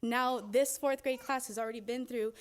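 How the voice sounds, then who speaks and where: A woman's voice: on the high side, fairly even intonation, moderate pace, smooth. A woman speaking as a parent in public comment at a school board meeting, earnest and pleading, close to tears.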